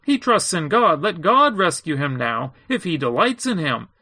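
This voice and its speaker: A man's voice: on the high side, very animated, moderate pace, pushed and bright, dry recording, clean studio sound, full character voice. A man voicing a group of scornful male chief priests with a raised, taunting voice while reading scripture aloud.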